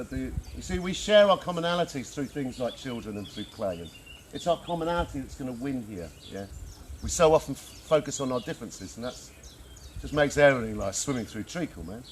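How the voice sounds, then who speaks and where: A man giving an informal talk to a group, animated and slangy, often calling people man and dude. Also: medium pitch, brisk, a little hiss or hum. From England. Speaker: workshop speaker. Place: outdoor gathering in the countryside.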